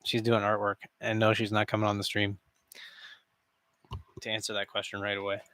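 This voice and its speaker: A man's voice: fairly low pitch, completely flat delivery, moderate pace, bright, forceful tone, clean tone, dry recording. A man casually chatting and joking with his stream viewers from his basement, rambling with frequent chuckles. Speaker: live streamer. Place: basement room with a cardboard backdrop.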